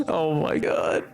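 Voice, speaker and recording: A man streaming a game, chatting casually with his viewers in a rambling, joking way. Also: darkish tone. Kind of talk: casual livestream chat while gaming.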